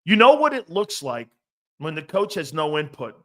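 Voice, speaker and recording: A man's voice: fairly high pitch, big pitch swings, moderate pace. A middle-aged man hosting a casual sports talk show, brash and profane, laughing often as he riffs and reads viewer comments.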